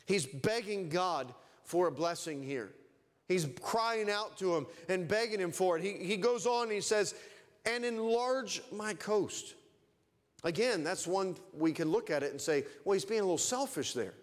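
High-voiced preacher in a reverberant church. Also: male voice, lively intonation, moderate pace. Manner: fervent preaching, rising and falling emphasis. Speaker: pastor. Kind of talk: sermon.

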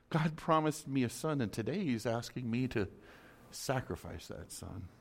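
Brief: male preacher of middle pitch telling a story from the pulpit, intense and dynamic, dropping to a hush. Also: expressive, normal speed, vocal fry. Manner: dramatic, swings from loud urgency to soft hush. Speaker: pastor. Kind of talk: sermon storytelling.

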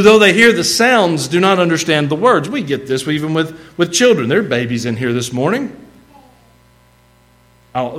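A man's voice: a little high, fairly bright tone, poor audio. A man preaching a sermon in a church, reading scripture aloud and mixing in casual, humorous asides. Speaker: pastor. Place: church sanctuary.

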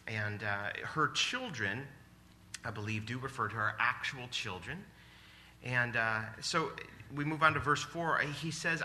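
A man in his forties preaching a sermon in a church, animated and exclamatory, often laughing. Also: medium pitch, a little hiss or hum. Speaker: pastor. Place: church sanctuary.

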